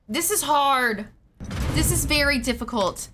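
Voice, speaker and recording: A woman's voice: on the high side, lively intonation, takes it slowly, long pauses, bright, forceful tone, soft background music. A young woman streaming a horror game live, panicking, shrieking and swearing as she plays. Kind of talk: live gameplay commentary.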